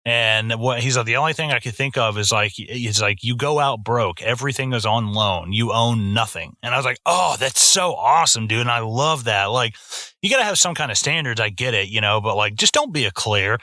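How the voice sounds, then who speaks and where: A man in his twenties talks in a loose, swearing rant, co-hosting a film podcast. His voice is bright, with a sharp edge. The sound is dry and close to the mic. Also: mid-range voice, animated, fairly quick, hardly any pauses, no room sound. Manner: profane, ranting, jumps into mock voices. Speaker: podcast co-host. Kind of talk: casual film-review chat.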